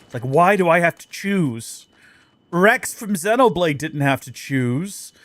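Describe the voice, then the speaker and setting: A man's voice: on the high side, expressive, a little slow, fairly bright tone, no room sound. A man giving casual let's play commentary on a game, full of wry, joking asides.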